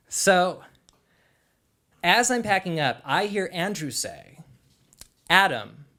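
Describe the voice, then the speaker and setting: A young man telling a personal story live on stage, in an animated, conversational way with lots of "like". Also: high-pitched, extremely slow.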